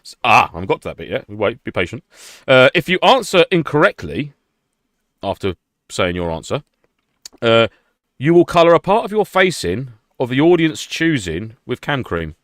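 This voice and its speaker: A man's voice: mid-range voice, sing-song, normal speed, fairly bright tone, no echo, studio quality. A man hosting a podcast quiz, rambling through the rules with laughs in casual banter. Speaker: podcast host running a quiz.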